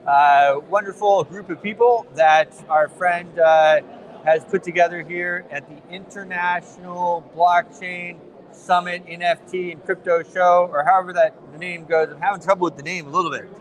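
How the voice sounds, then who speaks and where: A man's voice: sits high, steady tone, moderate pace, rough recording. An American man interviewing a guest at a conference, chatty and enthusiastic, rambling a little. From United States. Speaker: interviewer at a crypto event. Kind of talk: casual on-site interview. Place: conference venue.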